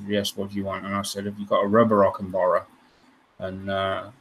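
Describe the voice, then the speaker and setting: A man's voice: fairly low pitch, a bit bright, poor audio. A man hosting a modelling livestream, telling stories from his past in a rambling, hesitant way full of ums and restarts. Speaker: scale modelling channel host. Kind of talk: casual livestream storytelling.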